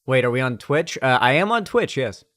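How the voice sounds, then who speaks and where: Male streamer, mid-pitched, casual crude sarcastic banter to chat. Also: sing-song, normal speed, fairly bright tone.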